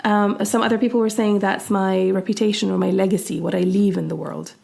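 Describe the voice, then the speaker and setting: A woman co-hosts a relaxed podcast conversation, reflective and talking in quick bursts. Her mid-range voice carries a noticeable gravelly fry. She often restarts her sentences as she thinks aloud. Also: medium pitch. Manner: fast, thoughtful, frequently restarts sentences. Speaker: podcast co-host. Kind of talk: casual conversational discussion.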